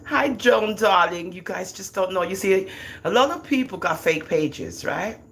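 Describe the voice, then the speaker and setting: A middle-aged woman with a Jamaican accent hosts a livestream, her voice on the low side and moving at a moderate pace. She chats with animated, teasing flair, boasting about her children, and slight background noise can be heard.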